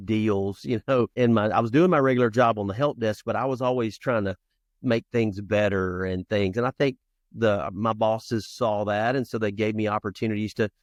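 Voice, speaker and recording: A man's voice: on the low side, normal speed, no room sound, clean studio sound. A man in his fifties, a podcast guest telling personal stories in an earnest, conversational way and acting out scenes from his childhood. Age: 50s. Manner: lively storyteller who acts out childhood scenes; earnest, talks in restarts and asides. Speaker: podcast guest, founder and youth coach. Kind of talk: conversational storytelling interview.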